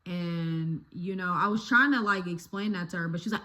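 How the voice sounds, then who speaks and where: A woman's voice: on the low side, normal speed, few pauses, bright, forceful tone. A young woman telling a story to her phone camera, chatty and loose, swearing freely and filling with "like" and "you know". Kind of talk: casual storytime vlog. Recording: roomy phone recording.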